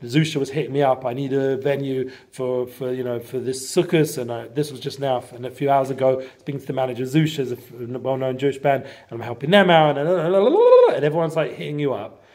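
A man giving a casual inspirational talk to a group, rambling with many fillers and breaking into sudden loud bursts. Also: medium pitch, lively intonation, brisk, few pauses. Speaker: guest speaker.

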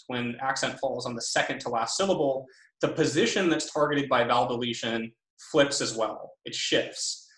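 A male lecturer walks through his slides in a measured, mid-pitched voice, filling pauses with ums and letting phrases fade at their ends. The sound carries a noticeable room echo from a laptop mic. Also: a bit bright. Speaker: linguistics lecturer. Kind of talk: academic talk on slides. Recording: roomy echo.

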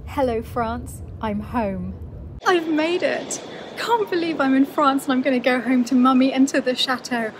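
A woman's voice: high-pitched, moderate pace. A tired woman vlogging a travel diary, talkative and emotional. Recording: steady background noise.

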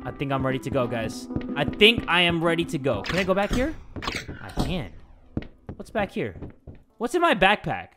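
A man commentating a video game he is playing, excitable, swearing often and breaking into shouts. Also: on the high side, moderate pace. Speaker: gaming YouTuber. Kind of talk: let's-play commentary. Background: game music.

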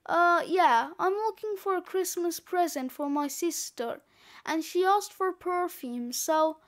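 A cocky schoolboy brags in a breezy, sure-of-himself way, as a woman reading a storybook puts him on. The voice sits high and unhurried. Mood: casual. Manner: boastful, breezy. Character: cocky boy, a scheming schoolkid author.

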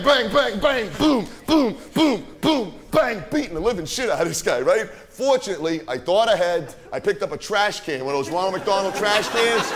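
A man performing a swaggering, profane streetwise young guy on a live stage, telling a rowdy party story and forever asking "right?". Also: sits high. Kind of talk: live stage character monologue. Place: theater stage.

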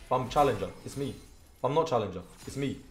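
A young British man streaming a game, commentating live with profane trash talk and sudden shouts. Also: medium pitch, expressive, fast talker. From Britain. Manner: trash-talking, profane, erupts into shouts and sing-song bits. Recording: roomy with faint background hiss.

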